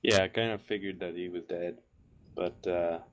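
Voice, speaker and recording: A man at a tabletop game with a very deep voice that stays flat in tone. He rambles as he talks through his character's actions. He often sounds unsure, trailing off and restarting. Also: normal speed. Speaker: player. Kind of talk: casual table talk.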